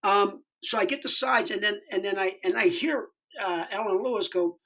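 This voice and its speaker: Husky-voiced man telling a rowdy story. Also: sits high, moderate pace, pushed and bright. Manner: profane, acts out the dialogue in his story. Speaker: podcast guest, stand-up comedian. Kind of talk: animated anecdote telling.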